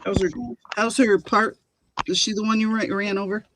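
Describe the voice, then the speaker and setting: A woman's voice: mid-range voice, flat delivery, moderate pace, noisy background. A woman co-hosting a casual livestream, reading out chat comments and asking curious questions. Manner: chatty, curious, asks questions.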